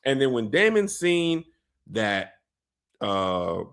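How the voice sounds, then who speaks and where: A man with a gravelly, textured voice recaps a TV episode for laughs. His pitch swings widely as he tells the story, slangy and animated, slipping into playful character voices along the way. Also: slow pace. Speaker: show recap host.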